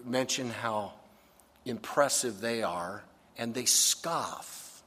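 A man preaching a sermon with energy, his voice sitting in a middle pitch. He sometimes slips into whiny complaining voices to make a point. The sound carries a long reverb, as if recorded in a large hall. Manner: animated, acts out complaining voices. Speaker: pastor.

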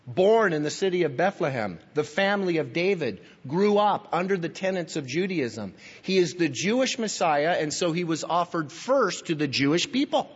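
A man's voice: fairly high pitch, expressive, normal speed, few pauses, slightly rough. A man preaching a sermon as pastor, emphatic and teaching, speaking straight to his listeners. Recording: dull, lo-fi recording in a reverberant hall.

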